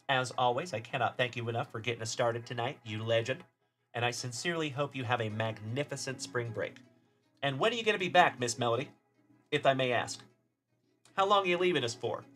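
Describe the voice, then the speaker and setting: A man from Texas runs a casual live stream of card pack openings, calling out players and thanking viewers by name. His voice is bright and forceful, with mid-range pitch. Faint music plays behind him. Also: fairly quick, pauses often. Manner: upbeat, shouting out chat viewers by name. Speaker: card-breaking livestream host.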